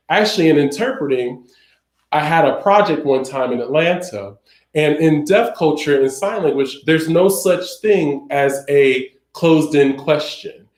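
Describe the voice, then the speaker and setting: A man's voice: on the high side, a little mellow. A man teaching a sign language class, explaining in a conversational way with everyday examples. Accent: Southern American. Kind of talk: recorded class lecture. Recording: echoey room.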